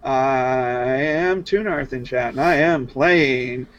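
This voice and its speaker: A man player in a tabletop game stream, chatting in a halting, hesitant way on a dull lo-fi mic. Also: medium pitch, fairly bright tone. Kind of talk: casual chat among players.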